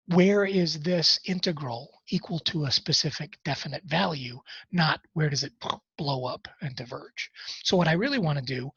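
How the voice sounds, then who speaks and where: A man's voice: fairly high pitch, fairly bright tone, husky, no echo, muffled recording. A man teaching a college math class, talking through problems in a casual way with wry asides. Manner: conversational, self-deprecating asides while working problems. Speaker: math instructor. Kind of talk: recorded class lecture.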